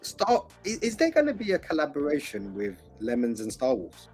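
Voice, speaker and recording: A man's voice: on the high side, huge pitch swings, normal speed, a little mellow, faint music behind. A male guest in a casual podcast chat, inquisitive and a little hesitant.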